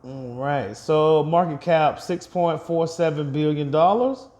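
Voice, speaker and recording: A man's voice: a little high, measured pace, darkish tone. A man vlogging a casual update on his investments, chatting directly to his viewers and laughing off his own slips.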